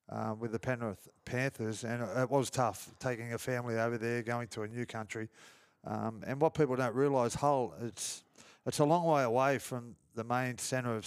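A man's voice: mid-range voice, clear, resonant tone, no echo, clean studio sound. A man, hosting a casual interview and asking friendly questions, often calling the guest mate. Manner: friendly, says mate a lot. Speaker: podcast host, former rugby league player.

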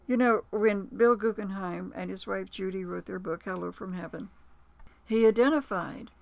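A woman's voice: medium pitch, moderate pace, creaky, dry recording. A woman being interviewed as an author and producer, telling personal stories in a reflective way with small hesitations and quoted dialogue. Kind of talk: conversational storytelling.

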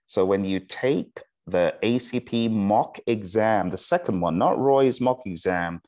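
Slow, deep-voiced male instructor. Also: a little mellow. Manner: deliberately slow, repeats checks like "okay?" and "all right?". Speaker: exam prep instructor. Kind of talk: recorded online lecture.

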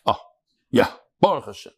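A man speaking at normal speed teaches a casual daily Talmud class to a live group in a room. He chants the Aramaic text, explains it in chatty English, and jokes and bickers with his students.

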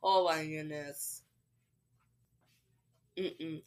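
A woman hosting a casual podcast chat, giggly and playful, often breaking into squeals and shouts. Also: sits low, fairly even intonation, very slow. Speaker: podcast host.

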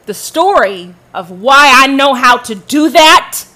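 A woman's voice: high-pitched, animated, takes it slowly, sharp tone. Profane, heated woman. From Southern United States. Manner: profane, confrontational, addresses listeners directly. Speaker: podcast host telling her own story. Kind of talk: angry personal monologue.

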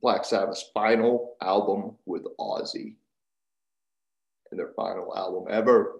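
A man's voice: fairly low pitch, measured pace, vocal fry, highs cut off. Upbeat, jokey man hosting a podcast. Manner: energetic, jokey, hype-man delivery. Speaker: podcast host. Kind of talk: upbeat podcast intro and promo chat. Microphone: video call. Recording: roomy echo.

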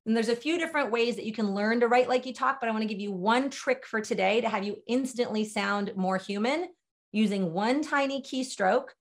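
A woman's voice: on the high side, a little fast. A middle-aged woman leading a webinar on sales writing, talking in an emphatic, direct and conversational way. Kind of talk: webinar training talk.

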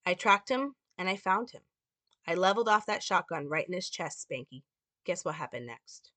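A woman's voice: on the low side, expressive, normal speed, fairly bright tone, no echo. A woman reading as Ray, a sarcastic detective. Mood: grim. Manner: dry, mocking, read from a script. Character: sarcastic hard-bitten male police detective.

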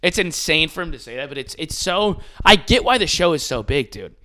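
Male podcast co-host, bright lively voice, riffing, profane, does quick impressions. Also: a little high. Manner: animated, swearing, laughing, mimicking voices. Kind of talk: casual comedic podcast chat.

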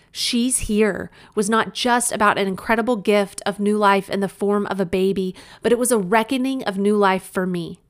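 Candid woman reading her own memoir. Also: medium pitch. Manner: candid and emphatic, with wry humor; conversational, addressing the listener directly. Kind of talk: audiobook narration of a memoir.

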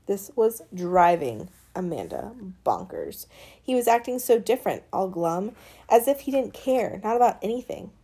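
A woman reading a children's novel aloud as an audiobook narrator, with lively storytelling. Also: medium pitch, moderate pace, husky. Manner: lively storytelling, voices characters. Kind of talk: scripted narration.

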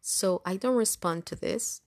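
A woman's voice: medium pitch, a little slow, no room sound, studio quality. A woman telling a story in casual chat, rambling along with lots of fillers. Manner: chatty, rambling with many fillers. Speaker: storytime vlogger.

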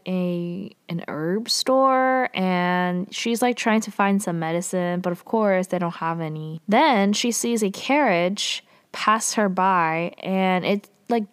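A woman casually recapping a drama episode, chatty and full of fillers, with lively quoting. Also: mid-range voice, slow, hardly any pauses, clean tone.

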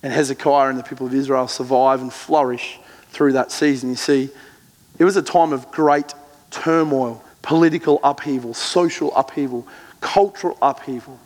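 A man preaching a sermon, retelling scripture with earnest emphasis and slow, measured readings. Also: mid-range voice, steady tone, in a large hall. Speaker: pastor.

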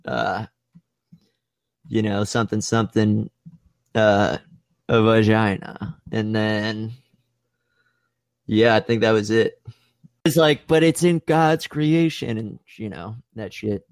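A young man casually telling a profane, playful story and acting out other people's voices with big jumps in pitch. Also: little pitch movement, slow, gravelly, long pauses, no echo, studio quality.

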